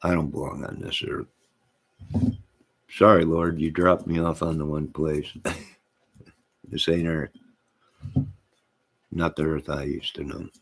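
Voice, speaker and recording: A man with a very deep, husky voice, talking loosely to the people in his live stream chat. He rambles and circles back on his own words, repeating phrases as he goes. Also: level tone, a little slow, long pauses. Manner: rambling, repeats himself, talks to chat by name.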